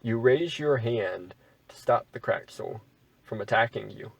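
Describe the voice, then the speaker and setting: A man's voice: fairly low pitch, animated, a little slow, vocal fry, breathy edge, recorded from a distance, poor audio. A man reading an AI text adventure aloud and adding wry, bemused asides as he plays. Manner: wry, bemused asides between read-out passages. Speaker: gamer playing an AI text adventure.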